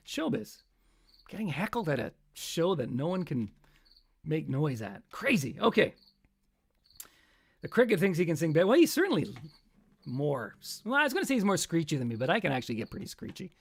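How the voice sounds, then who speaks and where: A man's voice: on the high side, vocal fry. A man hosting a livestream, rambling and joking with self-mocking asides between songs. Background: acoustic guitar.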